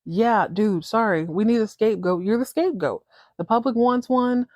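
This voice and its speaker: A woman's voice: mid-range voice, normal speed, darkish tone, no room sound, clean studio sound, pitched above the performer's own voice, natural voice. A woman voicing a slick, dismissive male boss with a casual, flippant manner.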